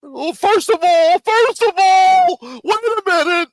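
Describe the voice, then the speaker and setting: A man putting on a squeaky, defensive voice to mock an indignant, flustered man who is making excuses. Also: lively intonation, no room sound, clean studio sound, full character voice. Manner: squeaky, defensive, slow exaggerated delivery.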